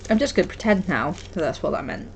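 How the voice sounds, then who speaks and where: A woman's voice: medium pitch, creaky, darkish tone, slight background noise. Chatty woman crafting on stream. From Wolverhampton, England. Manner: chatty, self-deprecating, rambling. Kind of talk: casual chat while crafting.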